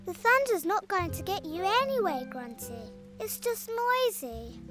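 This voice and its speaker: A woman voicing a calm, reassuring little girl rabbit in a children's cartoon, speaking slowly and patiently. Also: very high-pitched, over music, full character voice. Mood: encouraging. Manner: patient, soothing, slow and clear.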